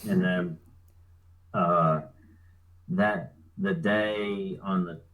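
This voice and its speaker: Laid-back, profane man with a low voice. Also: big pitch swings, drawn-out words, creaky, fairly bright tone, rough recording. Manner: laid-back, profane, chuckles while telling. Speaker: guest. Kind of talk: casual storytelling.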